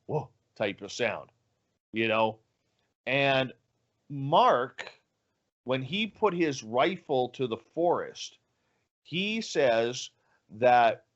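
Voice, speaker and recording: A man's voice: mid-range voice, muffled recording. A man telling a story as a guest in an interview, acting out the dialogue with animation. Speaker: guest, radio show host.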